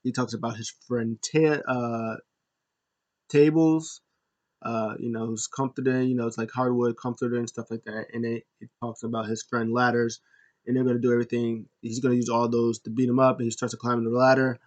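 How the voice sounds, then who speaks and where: A man talking at a middling pitch as he recaps a wrestling show in a loose, casual way. He rambles and corrects himself often, and breaks out in excited bursts now and then. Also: normal speed, highs cut off. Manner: rambling, many fillers and self-corrections.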